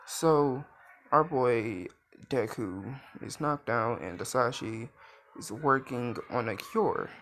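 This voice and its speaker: A young man casually narrates a fan story at an unhurried pace. He rambles along with plenty of filler words and stops to correct himself mid-sentence. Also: medium pitch, fairly bright tone, slight background noise.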